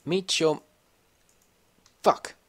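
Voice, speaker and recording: A man giving casual, rambling commentary over a video game at home, swearing often and talking to himself as he plays. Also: drawn-out words. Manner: rambling, swears a lot, talks to himself while playing. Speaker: gameplay commentator. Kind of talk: casual let's-play commentary. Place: home room with a computer.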